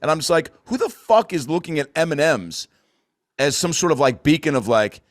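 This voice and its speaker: An American man with a voice on the high side hosts a podcast, his pitch swinging widely at a moderate pace. The chat is casual, rambling and loose with plenty of swearing, recorded at studio quality without echo.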